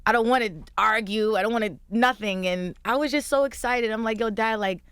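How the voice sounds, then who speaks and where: Guest: young woman, smooth clear tone, lively story-telling, dry close studio mic. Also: on the high side, a little fast, no echo. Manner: animated storytelling, acting out quotes. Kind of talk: casual interview chat. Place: radio studio. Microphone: studio microphone.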